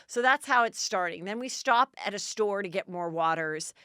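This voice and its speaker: A woman's voice: medium pitch, expressive, fast, few pauses, pushed and bright, clean tone, no room sound, clean studio sound. A middle-aged woman podcast host telling a story in a casual, chatty way and acting out the dialogue in bursts.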